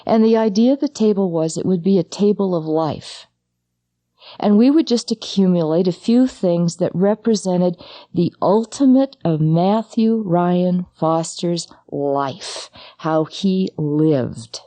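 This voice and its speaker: Mellow-voiced middle-aged woman, intimate and halting. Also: on the low side, expressive, dry recording. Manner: intimate, halting, speaks straight to the listener. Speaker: psychologist and bereaved mother. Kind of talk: personal talk on grief.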